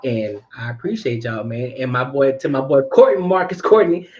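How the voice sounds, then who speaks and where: Friendly young male co-host, relaxed, repetitive sign-offs, mid pitch. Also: moderate pace, highs cut off, crowd noise. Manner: easygoing, friendly, repeats phrases. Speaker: podcast co-host. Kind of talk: casual chat.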